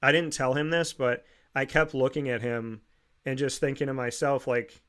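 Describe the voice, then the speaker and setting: A man's voice: mid-range voice, fairly even intonation, moderate pace, a bit bright, clean tone. A man hosting an interview, telling a personal story in a casual, earnest and reflective way, often restarting his sentences. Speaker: podcast host.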